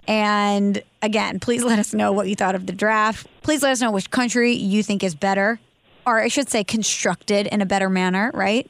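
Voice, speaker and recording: A woman co-hosting a podcast in casual chat, playful and animated, reading out listener reviews. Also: medium pitch. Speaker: podcast co-host.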